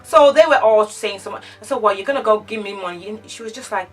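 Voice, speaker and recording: A woman vlogger telling an animated storytime, acting out the dialogue. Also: mid-range voice, fast, distant mic, soft background music. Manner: animated, acts out quoted dialogue. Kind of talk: casual storytime chat.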